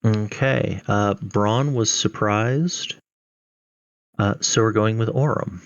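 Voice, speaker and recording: A man's voice: on the low side, slow pace, vocal fry, no echo, highs cut off. A man running a tabletop game as dungeon master, narrating enemy turns with frequent ums and uhs. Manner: hesitant, many fillers.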